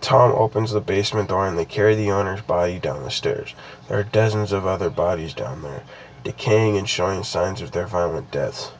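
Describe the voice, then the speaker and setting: On a rough recording, a young man with a low voice reads a creepypasta at normal speed. He's casual about it, frequently breaking off to ramble and restart his sentences with plenty of fillers.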